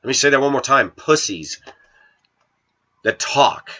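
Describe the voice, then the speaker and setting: A man's voice: medium pitch, brisk, pushed and bright. A middle-aged man with the sniffles, scolding and preaching to his channel's viewers in a combative rant. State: sniffly with a cold. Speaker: video channel host. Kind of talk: ranting to camera. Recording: dull lo-fi sound.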